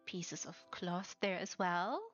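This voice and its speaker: A woman streaming a tour of player-built houses, gushing with breathy exclamations and soft whispers between her remarks. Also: fairly low pitch, slow. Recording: slightly dull lo-fi sound with faint music behind.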